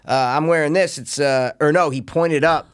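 In studio-quality audio with no echo, a young man with a smooth, somewhat high voice talks at a moderate pace and fairly even intonation. On a podcast, he tells a rambling, swear-heavy story casually, performing the voices of its characters.

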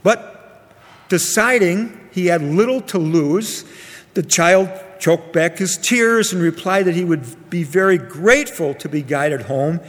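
A man telling a bedtime story gently and without hurry, turning now and then to the children listening. His voice sits high for a man, and a long hall reverb trails after each phrase. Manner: gentle, unhurried, speaks directly to children.

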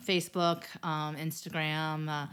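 A woman who is a life coach and author, speaking as a guest in a casual podcast interview, reflective and animated, with frequent fillers and restarts. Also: deep voice, measured pace, clear, resonant tone.

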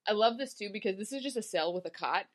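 A woman's voice: mid-range voice, fast talker. A young woman co-hosting a podcast, chatting casually and with lots of laughter as she recaps a TV episode. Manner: giggly, animated, quoting characters in mock voices. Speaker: podcast co-host.

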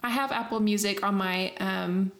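A woman's voice: medium pitch, steady tone, normal speed, fairly bright tone, slight background noise. A woman co-hosting a podcast in casual chat, candid, self-deprecating and gushing. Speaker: podcast co-host. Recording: echoey room.

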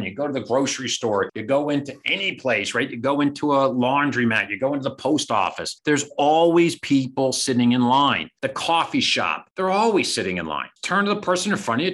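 A man hosting a podcast, telling stories and giving energetic networking tips in a coaching tone. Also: mid-range voice. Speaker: podcast host. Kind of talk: motivational talk on networking.

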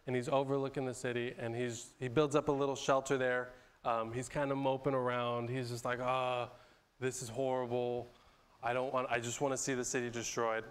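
A man preaching a sermon, retelling a Bible story in a loose, conversational way with frequent restarts, repeated words and throat-clearing. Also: medium pitch. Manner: clears his throat often between phrases. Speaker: pastor.

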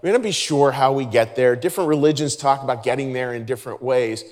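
A male pastor speaks in a middle-pitched voice, giving a sermon. He is earnest and conversational and restarts his sentences often. His voice rings with the long reverb of a large church hall. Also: fast, darkish tone.

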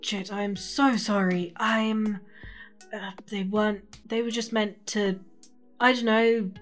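A woman's voice: medium pitch, flat delivery, takes it slowly, natural voice. Woman doing a flustered apologetic assistant, stammering, light music bed. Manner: stammering, panicked.

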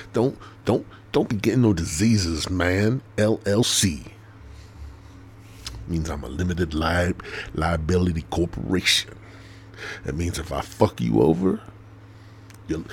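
A man hosting a podcast, rambling crudely and swearing a lot, dropping to mutters and jumping into loud mock voices. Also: low-pitched, expressive, a little slow, slight background noise. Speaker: podcast host.

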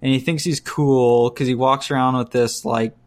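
A man talking in a casual, relaxed chat with a middle-pitched voice. He rants bluntly, piles on his complaints and breaks into quick mimicked voices as he goes. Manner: ranting, blunt, mimics voices mid-story. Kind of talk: casual chat reviewing movies.

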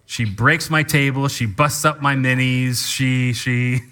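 A man preaching a sermon as pastor, teaching in an animated way and calling people up to act out an example. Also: mid-range voice, slow, clean tone. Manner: animated teaching with live demonstration.

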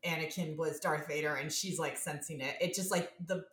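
A woman with a lower voice talks earnestly through her ideas in a casual fan discussion. Her voice rings with a noticeable room echo. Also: fairly even intonation, a little fast, fairly bright tone. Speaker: podcast co-host. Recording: roomy echo.

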